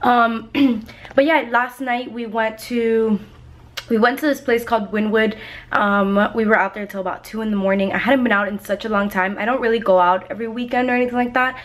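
A woman's voice: fairly high pitch, fairly even intonation, a little fast. A young adult woman vlogging in a casual, rambling chat, full of ums and likes.

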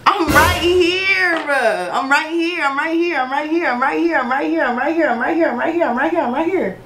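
A young woman with a fairly high voice filming a casual prank vlog. She keeps pestering, repeating the same questions over and over. The sound is from an echoey room with faint noise behind. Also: quick pace. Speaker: vlogger.

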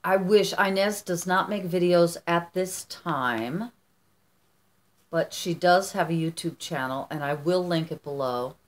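A middle-aged woman vlogger from the United States talks casually and warmly to her viewers. Her voice sits a little low for a woman. She gushes and rambles, often restarting her sentences as she goes. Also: unhurried. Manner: gushing, effusive, rambling with restarts. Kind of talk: casual chat opening fan mail.

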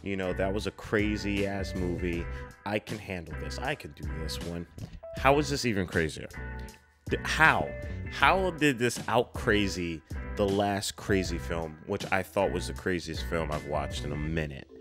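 Excitable young man reacting to a film. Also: low-pitched, unhurried, music in the background. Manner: excitable, loud outbursts, laughs often. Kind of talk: casual reaction commentary.

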